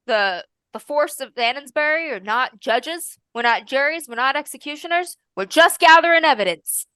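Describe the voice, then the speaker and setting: A woman's voice: high voice, normal speed, dry recording, pitched above the performer's own voice. A woman doing an earnest young constable. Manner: calm, reasoning, official.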